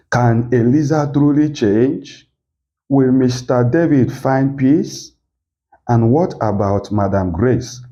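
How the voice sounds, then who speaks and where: A man narrating a moral story in a dramatic, measured way. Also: mid-range voice, dark tone. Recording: dull lo-fi audio with faint music.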